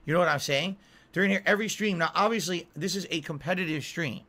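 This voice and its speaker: A man streaming games, ranting in an exasperated, profane way about his chat, sometimes yelling. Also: on the high side, fast talker. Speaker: game streamer. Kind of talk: angry stream rant.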